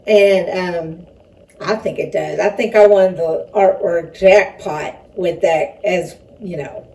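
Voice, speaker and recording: A woman's voice: on the low side, takes it slowly, vocal fry, warm tone. Chatty woman heard from a distance. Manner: chatty, rambling, self-conscious with laughs. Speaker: filmmaker and performer being interviewed. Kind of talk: casual interview talk. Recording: distant mic with faint background noise.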